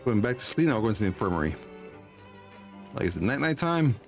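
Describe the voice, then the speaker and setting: A man's voice: lowish voice, big pitch swings, brisk, faint music behind. A man giving casual, joking commentary while streaming a game. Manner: joking, chatty asides.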